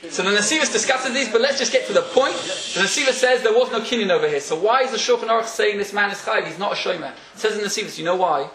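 A man's voice: sits high, fast talker, hardly any pauses, crowd noise. A man teaching a Talmud class in a classroom, often questioning his students and laughing as he explains. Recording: echoey room.

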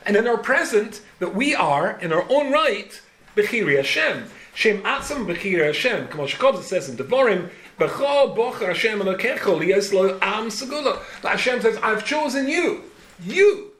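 Animated older man teaching Torah. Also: high-pitched, moderate pace. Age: 70s. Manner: animated, rhetorical questions, dry humor. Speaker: rabbi teaching a Torah class. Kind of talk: Torah lecture. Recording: echoey room, faint ambience.

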